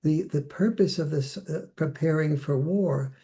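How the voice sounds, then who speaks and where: A man's voice: fairly high pitch, a little slow, dark tone. An older man speaking reflectively as a podcast guest, now and then acting out the voices he quotes. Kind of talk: conversational interview.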